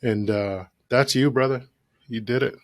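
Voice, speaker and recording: A podcast host with a mid-range voice speaks at a normal speed, warmly encouraging his guest before asking a question in their interview. The recording is dry.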